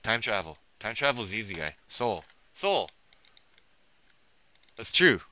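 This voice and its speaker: Deep-voiced man ranting profanely. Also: expressive, quick pace, sharp tone, a little hiss or hum. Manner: profane, restless, thinking aloud; self-interrupting, trails off mid-sentence. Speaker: vlogger. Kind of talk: rambling monologue.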